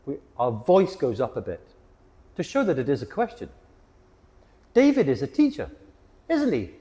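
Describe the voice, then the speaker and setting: A man teaching an English grammar lesson, with a clear and emphatic delivery. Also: medium pitch, dark tone, in a large hall. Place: hot location.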